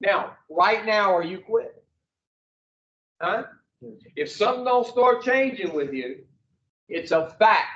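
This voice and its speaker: A man's voice: high-pitched, expressive, slow pace, long pauses, a bit bright. A man leading an addiction recovery class, blunt and profane, quizzing the group in front of him. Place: room with a group. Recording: roomy, distant, dull lo-fi.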